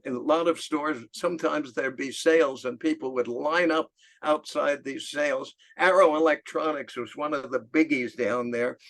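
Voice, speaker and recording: An older man on a video call, telling a lively story about his childhood, laughing often and acting out the voices of the people in it. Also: a little high. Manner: animated anecdote, laughing often, acts out voices. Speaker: club member giving a talk. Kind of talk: storytelling talk.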